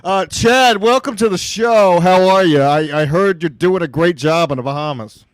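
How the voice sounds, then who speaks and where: A man's voice: high voice, moderate pace, no room sound. A man hosting a podcast, talking casually with sarcastic jokes. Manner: sarcastic, joking. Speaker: podcast host.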